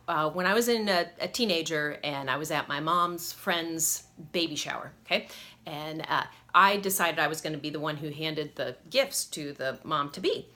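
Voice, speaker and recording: Self-mocking woman vlogger, bright voice, rambling anecdotes, chuckles between lines. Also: low voice. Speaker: vlogger telling personal stories. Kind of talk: casual story-time vlog.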